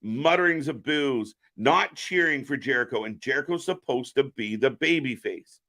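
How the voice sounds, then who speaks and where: A man's voice: medium pitch, lively intonation, moderate pace, bright, forceful tone. A man hosting a live reaction stream, giving opinionated, profane commentary.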